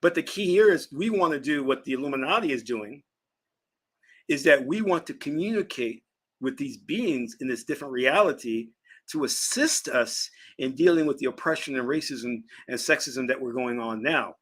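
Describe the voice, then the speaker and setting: A man from Virginia giving an emphatic, preaching spiritual lecture on a livestream, answering chat and stretching key words slowly. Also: mid-range voice, expressive, fairly bright tone, breathy edge. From Virginia, US South. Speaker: spiritual teacher and channel host.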